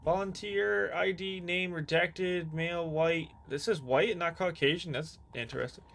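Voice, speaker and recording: A man streaming a horror game, jumpy and excitable, swearing and shouting at the game. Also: high voice, moderate pace, creaky. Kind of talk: gameplay commentary.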